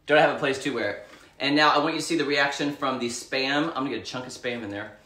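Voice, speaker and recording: A man's voice: medium pitch, fast, bright, forceful tone, reverberant, recorded from a distance. A man chatting bubbly and gushing while he cooks on a live stream from his home kitchen. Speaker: home cooking vlogger. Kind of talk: live cooking stream chat.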